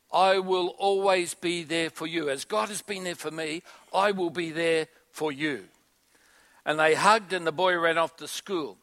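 High-voiced preacher telling a story. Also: male voice, bright, forceful tone. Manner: storytelling, building to emphatic call-and-response. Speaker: pastor. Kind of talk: sermon.

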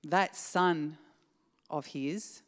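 A woman's voice: low voice, extremely slow. Earnest woman preaching in a reverberant hall. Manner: earnest, conversational, addresses the congregation directly. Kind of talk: sermon with prayer. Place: church hall.

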